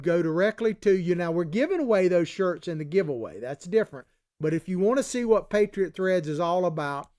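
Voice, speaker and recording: A man's voice: sits high, darkish tone. A man from Florida with an old Southern Florida cracker accent, hosting a live political talk show in a folksy, chatty way.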